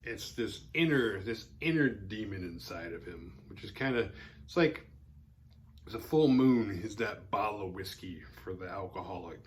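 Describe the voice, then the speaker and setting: Retelling a horror movie's story on his podcast, a man rambles loosely, saying "like" a lot and now and then adding a wry comment. His lowish voice is expressive and moderately paced, with a bit of hiss or hum on the recording.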